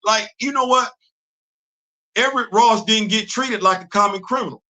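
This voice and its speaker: High bright-voiced man hosting a stream. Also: moderate pace. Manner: animated, rhetorical, laughing often. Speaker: host. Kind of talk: casual live-stream commentary.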